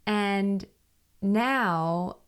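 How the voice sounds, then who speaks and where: A woman's voice: medium pitch, extremely slow, clear, resonant tone. A woman hosting a solo podcast, talking in a candid, reflective way and thinking aloud with small restarts. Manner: candid, reflective, talks things through with restarts. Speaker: podcast host.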